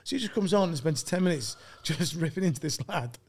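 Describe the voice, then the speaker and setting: A man's voice: on the high side, expressive, fairly quick, darkish tone, husky. A man guesting on a podcast as a comedian, chatting casually, laughing often and rambling through sweary anecdotes. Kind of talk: casual chat.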